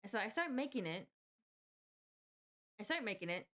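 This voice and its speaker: A woman's voice: medium pitch, big pitch swings, normal speed, fairly bright tone. A young woman telling a work story casually, with rambling restarts and frequent fillers. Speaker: vlogger.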